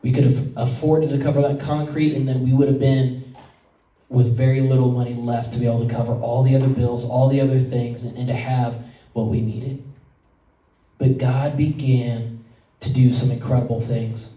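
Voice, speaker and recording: Pastor preaching in an echoey church. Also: male voice, medium pitch, flat delivery, moderate pace, warm tone, highs cut off. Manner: conversational storytelling, choked up at times. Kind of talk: sermon. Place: church sanctuary. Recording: echoey church hall from far off.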